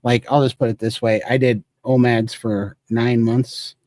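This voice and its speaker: A man's voice: medium pitch, little pitch movement, unhurried, darkish tone, dry recording. A man speaking casually on a remote call, giving earnest, rambling advice from his own story. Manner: earnest, rambling personal testimony. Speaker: guest speaker.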